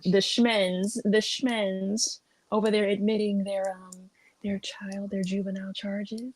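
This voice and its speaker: A woman's voice: medium pitch, little pitch movement, slow, no echo, rough recording. A woman guest in a casual chat, speaking soothingly and affectionately to the host. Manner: soothing, affectionate, calls the host darling and baby. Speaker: stream guest.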